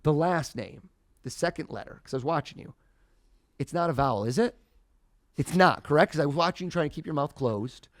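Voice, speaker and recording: Theatrical mentalist man, swings loud. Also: a little high, fairly quick. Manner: theatrical, rising to loud excited bursts. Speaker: mentalist guest. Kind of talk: live mind-reading performance.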